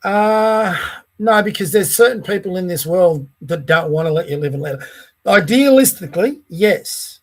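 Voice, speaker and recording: A man's voice: high-pitched, expressive, moderate pace. A man co-hosting a podcast, making long, opinionated, rambling arguments. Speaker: podcast co-host. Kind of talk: casual podcast chat.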